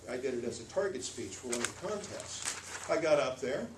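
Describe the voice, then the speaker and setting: An American man giving a lively, demonstrative storytelling workshop to a live audience, playing with pitch and pace. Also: normal speed, background noise. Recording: echoey room, voice from far off.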